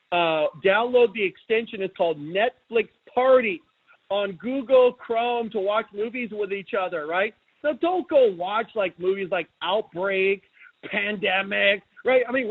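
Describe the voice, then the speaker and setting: A middle-aged man hosting a webinar, talking in a casual, energetic way and often asking his listeners questions. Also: sits high. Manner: energetic, chatty, asks the audience questions. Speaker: webinar host. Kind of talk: casual motivational talk. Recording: tinny phone-like line.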